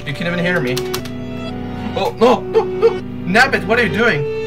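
A man commentating his own horror game play, jumpy and full of exclamations and yells at the scares. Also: high-pitched, very animated, moderate pace, poor audio. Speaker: gamer playing a horror fan game. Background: game music.

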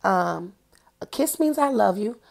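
A woman's voice: mid-range voice, lively intonation, measured pace, creaky. A woman reading a picture book aloud to young children in a playful way, asking them questions as she goes. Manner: playful, addresses young listeners directly with questions. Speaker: children's storyteller.

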